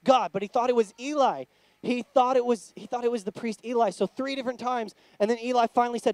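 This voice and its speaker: A man teaching a lively Bible lesson to young children in church, playful and excitable. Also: extremely high pitch, brisk, no room sound. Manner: excitable, playful, loud cheers.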